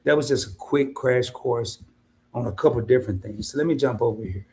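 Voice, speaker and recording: A man's voice: a little fast, darkish tone. A man hosting an investing livestream in a casual, colloquial way, addressing viewers directly as "y'all". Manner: mimics worried investors in high voice.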